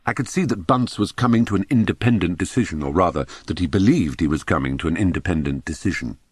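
A middle-aged man reading his own memoir aloud with wry, expressive storytelling. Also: deep voice, fast, husky, no room sound. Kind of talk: audiobook narration.

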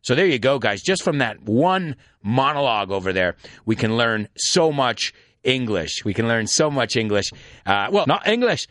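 A man hosting a podcast lesson, explaining words in an animated, playful way. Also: mid-range voice, normal speed, dry recording, clean studio sound. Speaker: language teacher and podcast host.

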